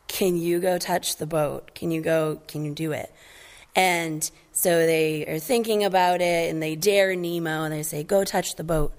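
Animated woman preaching a story-based sermon. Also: lowish voice.

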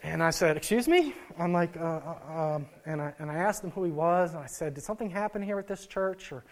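A man's voice: on the high side, fairly even intonation, a little fast. A young adult male pastor giving an earnest sermon, telling a story with frequent restarts.

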